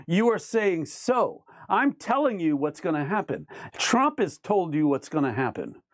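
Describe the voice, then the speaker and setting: This livestream host has a fairly high voice with big pitch swings and a measured pace, and the studio sound is clean with no room sound. He reads viewer comments aloud on a live show and argues with them emphatically and repetitively, ranting his way through the chat.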